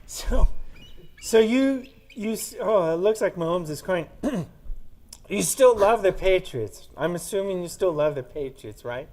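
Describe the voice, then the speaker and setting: Male comedy host, high voice with a lively bounce, playful. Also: measured pace. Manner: joking, animated, self-mocking. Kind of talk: comedic casual chat.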